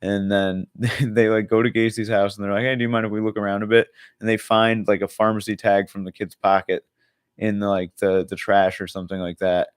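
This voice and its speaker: Low-voiced swearing young man rambling. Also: flat delivery, a little fast, clear, resonant tone, no echo, clean studio sound. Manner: rambling, heavy filler words, swears a lot. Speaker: podcast co-host. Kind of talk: casual chat.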